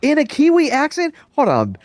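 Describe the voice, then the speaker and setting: Joking podcast host, man, lively. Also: extremely high pitch, moderate pace, no room sound, studio quality. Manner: joking, reads out viewer tips. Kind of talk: casual chat.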